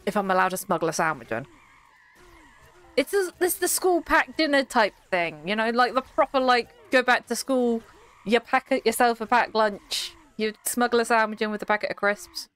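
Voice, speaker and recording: A woman's voice: a little high, animated, moderate pace, fairly bright tone, clear, resonant tone. Chatty giggly woman streamer. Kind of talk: casual chat with live chat.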